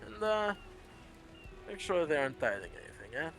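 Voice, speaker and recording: A man's voice: fairly high pitch, sing-song, fairly bright tone, faint music behind, low-quality recording. A man playing a stern, suspicious ship captain. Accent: put-on Russian slipping into Irish. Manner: formal, measured, probing.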